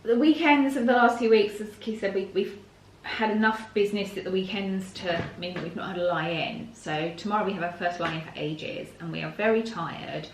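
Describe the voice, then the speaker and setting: Soft-spoken middle-aged woman, off-mic. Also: medium pitch, normal speed, distant mic. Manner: relaxed, laughs often, soft-spoken. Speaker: vlog co-host. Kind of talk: casual vlog chat. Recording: echoey room, off-mic, faint noise.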